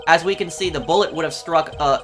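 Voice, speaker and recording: A man's voice: on the high side, a little fast, music in the background, natural voice. A man doing a smug, showy young prosecutor. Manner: attempted German accent that slips. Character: arrogant young male prosecutor, showy rock-star swagger. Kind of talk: game dialogue read aloud in a let's play.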